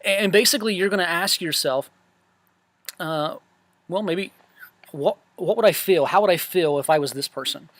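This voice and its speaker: A camp director recapping a Bible study class in a relaxed, earnest way, with many fillers and restarts. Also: male voice, high-pitched, moderate pace, long pauses, dry recording.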